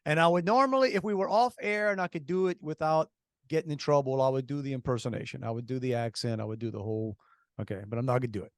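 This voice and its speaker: A man's voice: mid-range voice, fast, no room sound, studio quality. A man co-hosting a radio talk show, telling stories animatedly with heavy sarcasm and many restarts. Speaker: radio co-host. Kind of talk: casual radio chat.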